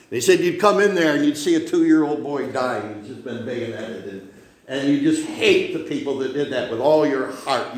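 A man preaching a sermon, telling a war story with dramatic swings between loud lines and hushed ones. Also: mid-range voice, roomy sound.

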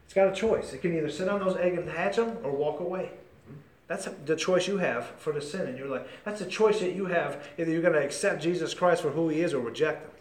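A man preaching a sermon with great passion, swinging from shouts to near-whispers and calling his listeners by name. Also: a little high, fairly quick, echoey room.

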